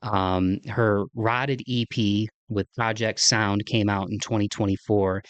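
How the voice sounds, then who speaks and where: A man's voice: on the low side, fairly even intonation, slow pace, dry recording. A man hosting his podcast from his kitchen, telling a story in a rambling, chatty way full of fillers. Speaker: podcast host. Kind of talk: casual solo monologue. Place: home kitchen.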